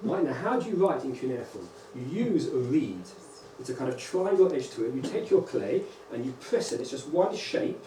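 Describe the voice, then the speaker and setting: A man, a rabbi, giving a lively conference lecture to teachers and often checking in with "right?" and "okay?". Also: medium pitch, moderate pace, few pauses. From England. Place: large lecture hall. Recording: echoey hall, distant mic, faint hum.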